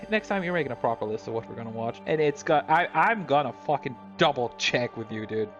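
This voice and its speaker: A man's voice: mid-range voice, animated, fast talker, fairly bright tone, muffled recording. A man hosting a casual chat while drawing, ranting in exasperation and swearing freely. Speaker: host. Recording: music playing underneath.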